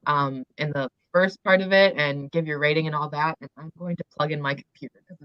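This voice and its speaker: A young woman with a low voice, a little croaky from losing it, chatting casually as host of a livestream book discussion. She rambles along with plenty of "um" and "like". The sound is dry and a bit muffled, as from a home computer mic. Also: steady tone, a little fast, no echo. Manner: chatty, lots of fillers like "um" and "like". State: slightly croaky, losing her voice. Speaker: booktube host.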